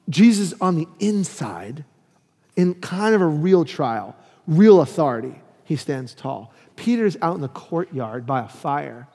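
High-voiced preaching man in a reverberant hall. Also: husky. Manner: animated preaching, acts out quoted lines. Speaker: pastor. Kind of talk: sermon.

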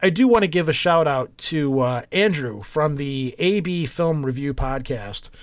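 A man's voice: fairly high pitch, expressive, measured pace, no room sound. A man hosting a podcast in casual chat, rambling with many restarts and fillers. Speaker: podcast host.

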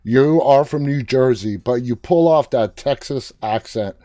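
Mellow host asking questions, dry sound. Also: male voice, medium pitch, measured pace, no echo. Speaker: interviewer host. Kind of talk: live interview.

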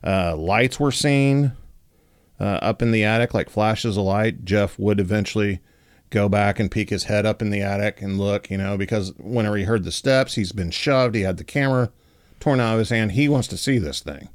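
A man hosting a podcast, telling a story in a relaxed, casual way with lots of filler words. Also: fairly low pitch, normal speed, no room sound, clean studio sound. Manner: relaxed, many fillers like 'like' and 'you know'. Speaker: podcast host.

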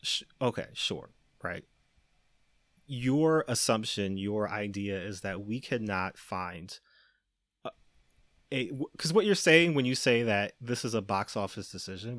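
A man hosting a podcast, talking casually and getting animated as he argues a point, often breaking into laughter. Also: no room sound, clean studio sound. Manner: animated, laughing, rising pitch when worked up. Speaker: podcast host.

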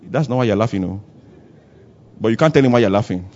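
A man preaching a sermon at a church service, acting out little dialogues and swinging between loud and soft. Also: fairly low pitch, animated, quick pace, muffled recording. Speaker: pastor.

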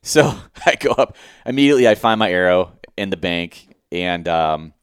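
Deep smooth-voiced man telling a hunting story. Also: moderate pace, dry recording, studio quality. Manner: animated storytelling, swears freely, acts out his own thoughts. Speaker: podcast co-host.

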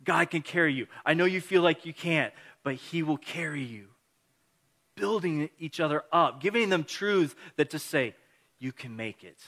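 Earnest male pastor, bright forceful tone. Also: a little high, normal speed. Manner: earnest, encouraging, anecdotal. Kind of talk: conversational sermon.

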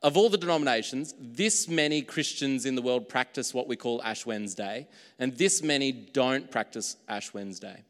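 A man preaching a sermon as pastor, in a relaxed conversational way that pokes fun at his own slips. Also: mid-range voice, normal speed, long reverb tail.

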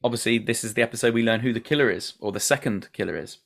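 A man's voice: mid-range voice, racing, gravelly, fairly bright tone. A man hosting a podcast, recapping a TV episode in sweary, laughing casual chat. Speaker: podcast host.

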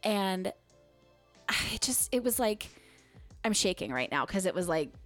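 A woman in casual podcast chat, telling a story with animated quoted voices and frequent laughs. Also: mid-range voice, unhurried, soft background music.

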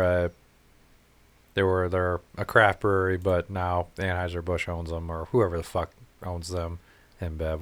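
A man's voice: sits low, fairly bright tone. A man co-hosting a casual podcast, telling rambling, profane stories with laughs. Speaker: podcast co-host. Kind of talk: casual chat, storytelling.

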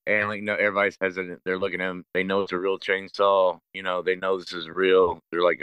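A man's voice: sits low, a little fast, clear, resonant tone, no room sound. A man chatting casually about a movie, rambling and profane as he retells scenes with plenty of fillers. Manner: rambling, profane, animated storyteller. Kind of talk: casual movie recap chat.

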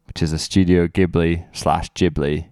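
A man hosting a casual podcast with friends, playful and self-deprecating, with bursts of excitement. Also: low voice, normal speed, clear, resonant tone, no echo, clean studio sound. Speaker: podcast host. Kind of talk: casual chat.

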